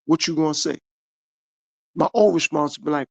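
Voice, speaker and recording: A man's voice: on the high side, moderate pace, vocal fry, dry recording. A middle-aged man from the United States, talking earnestly and repetitively about his own life in a motivational podcast monologue. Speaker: podcast host.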